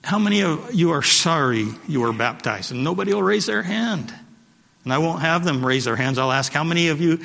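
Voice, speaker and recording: A man's voice: fairly high pitch, animated, moderate pace, creaky, fairly bright tone. A male pastor preaching a sermon, repeating his points and calling out to the congregation. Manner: preachy, repeats phrases for emphasis, calls to the congregation. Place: church sanctuary. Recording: long hall reverb.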